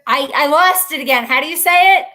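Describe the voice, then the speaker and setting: A woman's voice: high voice, fairly quick, bright, forceful tone. A woman in her thirties hosting a casual live stream from home, reading viewer comments aloud in a chatty, rambling way and laughing at herself. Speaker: livestream host.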